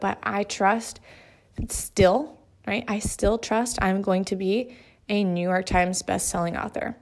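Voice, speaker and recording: Woman, thirties, author, motivational monologue, earnest, emphatic, medium pitch. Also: steady tone, slow pace. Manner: earnest, emphatic, repeats phrases in lists. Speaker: author and manifestation speaker.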